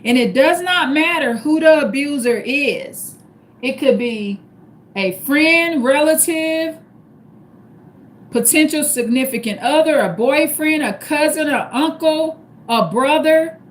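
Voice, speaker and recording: A woman's voice: high-pitched, animated, takes it slowly, a little hiss or hum. A woman hosting a live stream, giving casual advice in a repetitive, emphatic way that spells each point out step by step. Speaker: livestream host.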